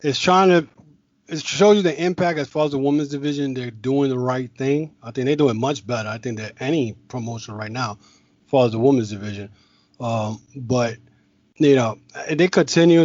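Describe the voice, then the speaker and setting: A man's voice: medium pitch, darkish tone, no room sound, highs cut off. Rambling man on a casual podcast. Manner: rambling, with many restarts and filler. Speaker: podcast host. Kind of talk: casual chat.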